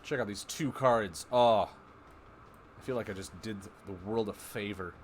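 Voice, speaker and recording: Excitable male card game streamer. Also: on the low side, a little slow, slight background noise. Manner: excitable, self-mocking, thinks aloud. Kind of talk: live card game commentary.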